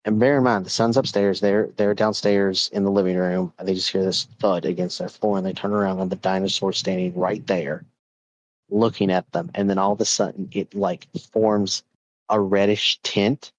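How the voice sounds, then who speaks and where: A low-voiced man telling a haunted-object story in a chatty, animated podcast style. He leans on casual filler words as he builds the tension. The recording is dry and close. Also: moderate pace, dry recording, poor audio. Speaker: podcast host.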